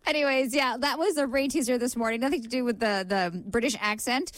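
Woman radio co-host, slightly high voice, giggly, reads listener messages, dry close studio mic. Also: brisk, no room sound. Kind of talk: casual morning radio chat.

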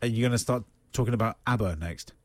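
A man's voice: fairly low pitch, quick pace, no echo. A man with a British accent co-hosting a morning radio show, joking and bantering playfully. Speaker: radio co-host. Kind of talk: casual morning radio chat.

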